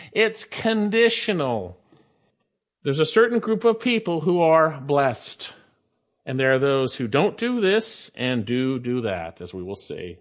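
A man's voice: fairly high pitch, very animated, measured pace, a bit bright. A man preaching a sermon, reading scripture and stressing points through repetition. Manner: emphatic, repeats phrases for stress.

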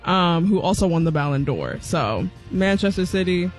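A woman's voice: on the low side, lively intonation, normal speed, soft background music. A woman on the radio show's team chatting casually and playfully, giggling as she talks. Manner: giggly, playful, fake British accent at times. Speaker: show team member.

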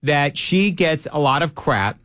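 A man's voice: fairly high pitch, lively intonation, unhurried, fairly bright tone, dry recording. A man co-hosts a talk show, giving frank opinions in casual chat. He often stammers and restarts his sentences. The sound is dry and close. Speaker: radio show co-host.

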